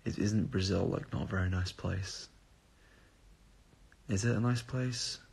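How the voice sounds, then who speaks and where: A man's voice: low voice, unhurried, creaky, a little mellow, slightly rough. A tired young man chatting casually on a live stream, reading out viewer comments and answering them in a rambling way with casual swearing. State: tired and up at odd hours.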